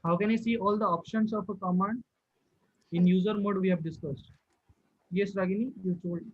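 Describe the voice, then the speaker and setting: A high-voiced man leads a live online class and keeps checking with his students. His questions come again and again as he repeats himself. The sound is dull and dry, like a video call. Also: fairly even intonation, moderate pace, no echo. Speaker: instructor.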